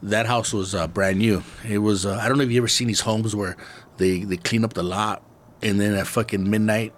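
A middle-aged man from East Los Angeles, hosting a casual podcast talk, laid-back and swearing freely as he thinks out loud. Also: on the low side, steady tone, fairly quick, slight background noise. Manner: laid-back and profane, muses aloud. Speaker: podcast host.

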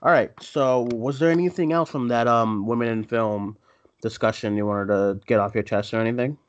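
A man co-hosts a live film podcast, chatting casually and rambling with many fillers and restarts. His mid-range voice has fairly even intonation at a moderate pace, with no echo and a dry, dull lo-fi sound.

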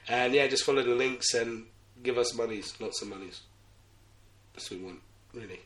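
Laid-back guy, bright and roomy. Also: medium pitch, normal speed, recorded from a distance. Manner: joking, slangy, laughs often. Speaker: podcast host. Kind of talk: casual podcast banter. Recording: roomy, off-mic sound.

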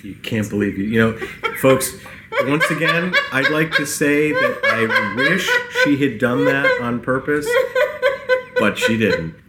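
A woman's voice: extremely low pitch, animated, measured pace. A woman co-hosting a podcast, speaking in a wry, teasing casual-chat manner. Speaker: podcast co-host. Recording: loud background noise on her line.

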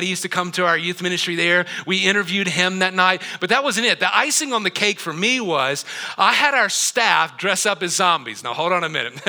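Bright, high-voiced man preaching. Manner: animated storytelling with asides to the audience. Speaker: pastor. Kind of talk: sermon. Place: church auditorium.

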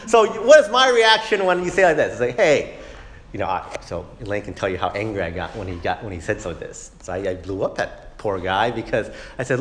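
A man's voice: fairly low pitch, big pitch swings, brisk, fairly bright tone. A man in his thirties teaching a Sunday school lesson in a casual, conversational way, often ending points with "right?". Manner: casual, tags statements with "right?", acts out family arguments. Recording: echoey room with long reverb.

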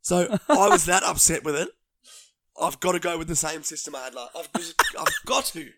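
A young man co-hosting a casual sports chat, joking and laughing in lively banter. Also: on the high side, moderate pace, very noisy. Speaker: co-host.

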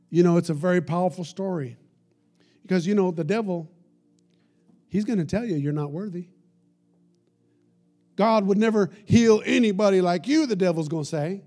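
A man, a pastor, preaching a sermon and leading an altar call, swinging between loud pleading and hushed soft phrases. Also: high voice.

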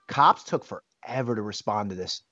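A man being interviewed, telling a personal story in a candid, animated way and swearing casually. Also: on the low side, moderate pace, no room sound. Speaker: interview guest. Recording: dull, dry sound.

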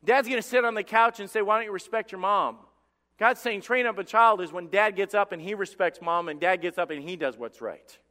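A man preaches as pastor in a church sanctuary, his voice sitting high with a sharp tone, brisk and with few pauses. He is passionate and emphatic, repeating words as he builds, under long church reverb.

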